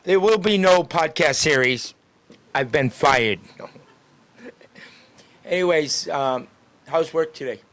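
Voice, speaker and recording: An upbeat man with a slightly high voice chats with people passing by on a town street. He talks freely, laughing often, as a street greeter and podcast host. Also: animated, slow, long pauses, a bit bright. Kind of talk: casual chat with passersby.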